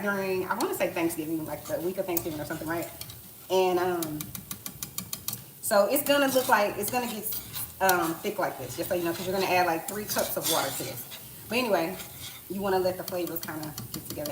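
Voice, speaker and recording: A woman's voice: lowish voice, noisy background. A woman in her thirties chatting casually through a home cooking live stream, slangy and full of asides and rhetorical questions. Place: home kitchen. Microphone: tablet propped on the counter. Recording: echoey kitchen with cooking clatter. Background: clatter of pots, utensils and stirring.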